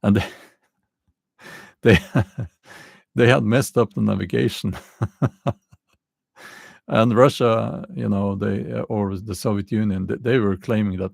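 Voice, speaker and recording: Man, non-native English accent, livestream host, low mellow voice, dry close sound, hesitant, fillers. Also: fairly even intonation, gravelly, no room sound. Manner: halting, hesitant, many fillers, chuckles often. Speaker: channel host answering live chat. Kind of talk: casual livestream chat.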